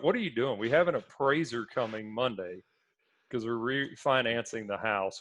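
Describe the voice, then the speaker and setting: Though he's feeling sick, this sports podcast co-host chats casually and laughs his way through a story. He has a medium-pitched voice, captured on a dry recording.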